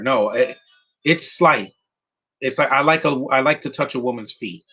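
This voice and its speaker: A man talks over a movie as it plays, rambling from one gripe to the next with lots of "uh"s and false starts. His voice is bright and a bit husky, and he is blunt and opinionated throughout. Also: medium pitch, moderate pace, rough recording. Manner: rambling, opinionated, frequent fillers and restarts. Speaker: movie commentator. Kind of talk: casual live movie commentary.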